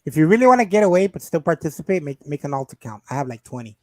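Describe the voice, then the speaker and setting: Low-voiced, lively woman guest. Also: racing, no echo. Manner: playful, joking, lively. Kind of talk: casual chat.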